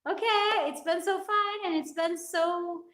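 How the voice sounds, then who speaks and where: A high-pitched woman hosts a casual live stream as a fitness coach. She talks in a chatty, effusive way and keeps thanking the people watching. Her voice bounces around an echoey room. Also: fairly even intonation, unhurried, fairly bright tone. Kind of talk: live-stream chat with viewers.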